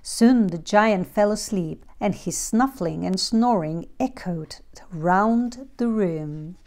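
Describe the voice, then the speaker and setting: A woman reading a fairy tale aloud slowly and clearly for learners of English. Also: mid-range voice, darkish tone. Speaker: storyteller. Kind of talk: storybook narration for English learners.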